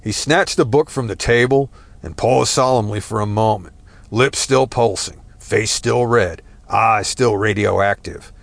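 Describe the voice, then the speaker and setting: A man with a fairly low voice reads a tense story aloud. His delivery is measured and dramatic, slowing down to lean on key phrases. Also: vocal fry, no echo. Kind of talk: scripted story narration.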